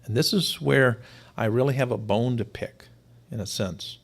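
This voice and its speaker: A man's voice: medium pitch, moderate pace, gravelly, husky. A man teaching to a live audience, explaining his points emphatically and sometimes repeating words for stress. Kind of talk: live-streamed lecture.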